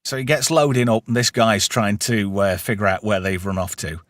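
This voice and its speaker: A man's voice: on the low side, brisk, no echo, clean studio sound. A man hosting a casual film review chat, retelling the plot and quoting lines with gusto. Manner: recaps plot with lively quoted lines and frequent laughs. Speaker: podcast host.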